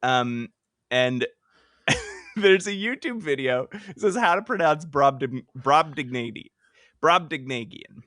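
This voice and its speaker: Male podcast co-host: bright, lively delivery, laughs a lot, dry studio sound. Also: fairly high pitch, no room sound. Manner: laughs often, quick excitable storytelling. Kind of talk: casual chat.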